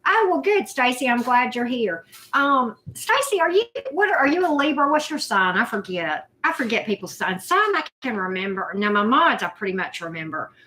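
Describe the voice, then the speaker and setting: A woman's voice: on the high side, big pitch swings, moderate pace, few pauses, pushed and bright. Chatty woman greeting her chat. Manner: chatty, greets viewers by name, scattered and self-deprecating. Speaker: livestream host. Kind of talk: casual live chat.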